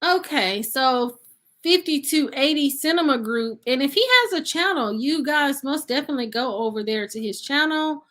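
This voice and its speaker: A woman's voice: high voice, expressive, normal speed, fairly bright tone. A woman hosting a casual live stream, chatting with viewers and reading their comments aloud, calling them "y'all" and laughing often. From Nashville, Tennessee resident. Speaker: livestream host.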